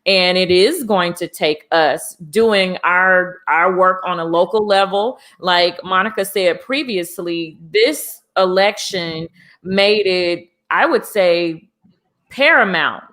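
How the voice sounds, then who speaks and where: A woman's voice: fairly low pitch, takes it slowly, fairly bright tone. A woman hosting a live conversational talk show, earnest and encouraging as she reads out viewer comments and brings in her guests.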